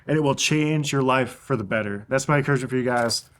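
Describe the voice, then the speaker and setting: A man's voice: mid-range voice, fast. A young adult man preaching a casual youth sermon as a youth pastor, sprinkling his talk with "man" and frequent fillers.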